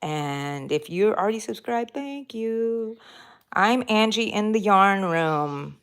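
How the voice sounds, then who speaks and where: A woman hosts a relaxed crochet live stream, talking to her viewers as she works. Her talk is chatty and rambling, full of fillers and quick self-corrections. Her pitch sits in an ordinary middle range. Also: clear, resonant tone. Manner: talks while crocheting. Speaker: crochet livestream host. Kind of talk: casual live-stream chat reading out viewer comments.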